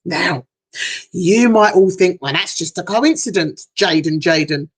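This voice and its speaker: A woman's voice: on the low side, expressive, a little slow, slightly rough. A middle-aged woman hypnotherapist telling a personal story in a heartfelt, emotional way on a livestream. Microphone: livestream setup.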